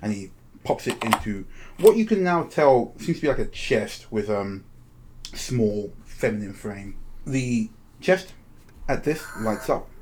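A man acting as game master narrates a tabletop game, describing scenes at length with many fillers and restarts. His voice is fairly low, with background noise present.

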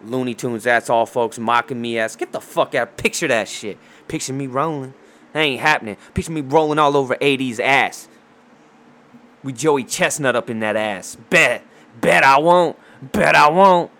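A man on a loose sports rant, swearing freely and trash-talking with real heat. His voice sits at an ordinary middle pitch. He rambles, restarts his sentences and wanders into asides as he goes. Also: moderate pace, fairly bright tone. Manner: heated, profane, trash-talking.

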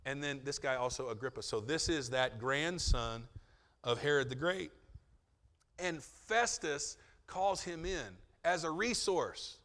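A man preaching a sermon in a relaxed, conversational way, with joking asides and quotes acted out in a lively voice. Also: a little high, measured pace, in a large hall. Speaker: pastor.

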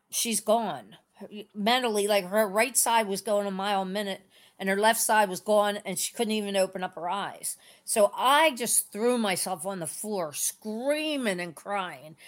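Calling in to a faith program, a middle-aged woman shares a personal story with casual emotion, her telling tender, rambling and meandering. She speaks in a mid-range voice at a measured pace.

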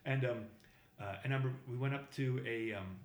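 A middle-aged man from the Boston area spins a rambling travel story, full of fillers and restarts. He talks fast in an echoey room. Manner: halting, many fillers and restarts, acts out voices with big pitch jumps. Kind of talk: casual anecdote telling. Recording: roomy echo.

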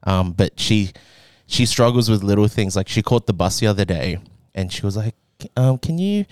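A man's voice: on the low side, fairly even intonation, normal speed, no room sound, clean studio sound. A young adult man co-hosting a podcast, telling a rambling family story in a casual chat, laughing often. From Australia. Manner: rambling, laughing, acts out quoted voices. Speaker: podcast co-host.

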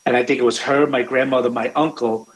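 A man's voice: medium pitch, fairly even intonation, fast, rough recording. A man, a restaurant owner, telling family stories in a rambling way, with many fillers and restarts. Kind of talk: conversational storytelling.

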